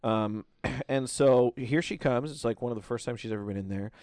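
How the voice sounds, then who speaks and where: A man's voice: mid-range voice, a little fast, darkish tone, no echo. Male podcast host in his thirties, rambling casual storyteller, close dry mic. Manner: rambling, many fillers and restarts.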